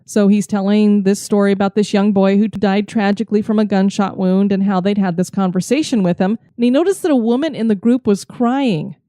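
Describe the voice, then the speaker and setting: Woman podcast host, mellow tone, dry close sound, lively storytelling. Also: mid-range voice, fairly quick, few pauses, no echo.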